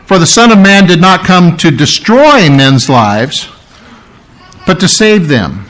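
A man's voice: high voice, animated, slow pace, fairly bright tone. A man preaching a verse-by-verse Bible sermon, talking it through conversationally, with emphatic repetition and "all right?" checks. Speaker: pastor.

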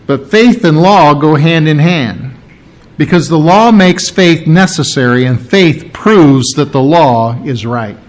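A man preaching a sermon, teaching in a halting way and clearing his throat often. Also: fairly high pitch, lively intonation. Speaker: pastor.

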